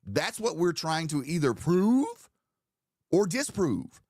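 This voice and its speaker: A man's voice: on the high side, big pitch swings, slow, darkish tone, dry recording, studio quality. A man hosting a live stream, talking in a casual, profane, rambling way as he sets up a commentary segment. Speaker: streamer host.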